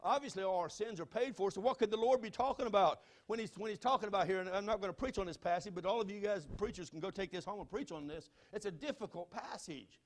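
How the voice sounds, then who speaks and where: Fervent Southern preacher, high-pitched man. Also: fast, few pauses. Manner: fervent, swings from quiet pleading to shouting. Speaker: pastor. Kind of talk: sermon. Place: church sanctuary.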